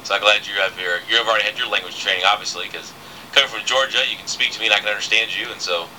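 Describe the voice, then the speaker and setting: A man's voice: lowish voice, very fast, sharp tone, a little hiss or hum, poor audio. A man hosting a casual radio interview, chatty, with many fillers and restarts. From southern United States. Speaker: radio host.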